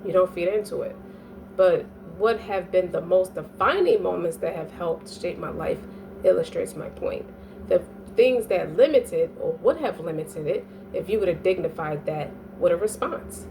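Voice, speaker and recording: A woman's voice: lowish voice, lively intonation, normal speed. A woman giving a casual astrology reading, speaking in a profane, emphatic way and often checking "you dig?". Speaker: astrology reader. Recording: distant mic with faint background noise.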